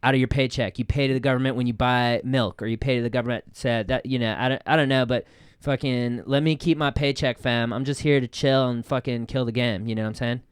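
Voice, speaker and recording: A man's voice: mid-range voice, fairly even intonation, fast, hardly any pauses, clean tone, dry recording, clean studio sound. A young man hosting a podcast, talking in casual slang with lots of swearing and repeated words. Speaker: podcast host.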